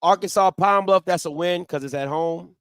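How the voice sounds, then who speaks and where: High-voiced, emphatic male sports talk host. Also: normal speed, fairly bright tone, clear, resonant tone, dry recording. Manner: emphatic, repeats points for stress. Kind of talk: casual sports debate.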